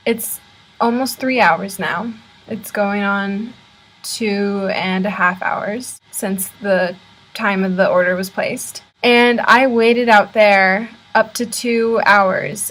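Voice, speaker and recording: A woman's voice: mid-range voice, a bit bright, rough recording. Young American woman, casual vlogger, laptop mic in a dorm room, chatty and exasperated. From United States. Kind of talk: casual vlog talk. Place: university room. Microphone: laptop built-in camera mic.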